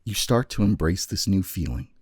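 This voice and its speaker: A man co-hosting a podcast, narrating a choose-your-own-adventure story in a slow, dramatic way. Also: sits low, big pitch swings, darkish tone, breathy edge, dry recording, clean studio sound.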